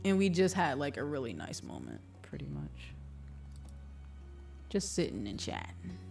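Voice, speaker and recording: A woman's voice: extremely low pitch, wildly swooping pitch, measured pace, creaky, a little mellow. A woman streamer in casual chat, laughing often and swearing casually. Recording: distant mic with faint music.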